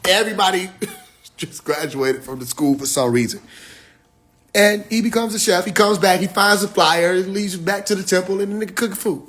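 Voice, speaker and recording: A man with a high, fairly bright voice chats casually with his livestream followers at a moderate pace. He tells stories in slang, acts out quotes, laughs often, and speaks directly to his listeners.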